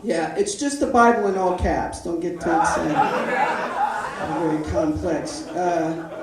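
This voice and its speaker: A man doing a deadpan, self-deprecating stand-up set at a live open mic, bantering with the crowd. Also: on the high side, a little slow. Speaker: stand-up comedian. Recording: echoey live room from far off. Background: audience laughter.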